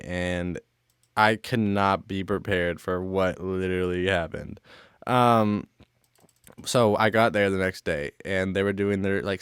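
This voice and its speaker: A man's voice: sits low, fairly bright tone, clean tone, no room sound, studio quality. A young man telling a casual storytime, rambling, leaning heavily on "like" as a filler and cursing freely. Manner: rambling, filler-heavy with constant "like" and swearing.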